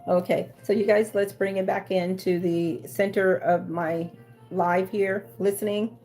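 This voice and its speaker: A woman hosts a casual livestream, reading viewer comments aloud and answering in a rambling way full of fillers and restarts. Her medium-pitched, darkish voice is steady and measured, with faint music behind.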